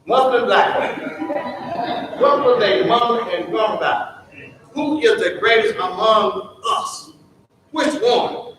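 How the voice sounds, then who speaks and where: A man's voice: high voice, background noise. A man teaching a Sunday school lesson in a church, in a preacherly call-and-response way that throws questions to the class. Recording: very echoey church room from far off.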